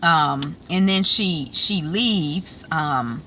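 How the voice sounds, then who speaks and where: A woman's voice: sits low, expressive, very slow, sharp tone, slight background noise. A woman giving a casual, chatty recap of a TV episode. She fills her talk with ums and acts out the characters' lines. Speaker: TV recap reviewer.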